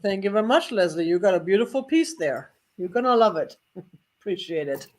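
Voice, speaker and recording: A woman's voice: medium pitch, expressive, brisk, a little hiss or hum. Chatty woman laughing between asides. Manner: chatty, laughs often, self-deprecating asides. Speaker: host of a live vintage sale. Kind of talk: live online sales chat.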